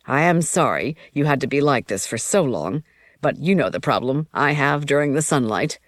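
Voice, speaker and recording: Tearful devoted young man, low and steady, read by a woman. Audiobook figure. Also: normal speed, no echo, clean studio sound. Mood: tender. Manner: soft, steady pleading.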